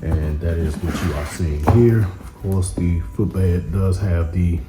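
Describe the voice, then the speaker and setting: A man casually reviewing sneakers on camera, relaxed and rambling with many fillers. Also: sits low, slow, reverberant, over music. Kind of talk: casual product review vlog. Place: indoor room with camera. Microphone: camera mic.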